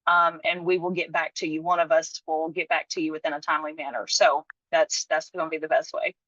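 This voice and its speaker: Woman guest on a podcast, bright kinda lowish voice, sincere n reflective, slightly dull lo-fi sound, dry. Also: level tone, a little fast, no echo. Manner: reflective and sincere, speaks of faith, laughs lightly. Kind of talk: casual interview chat.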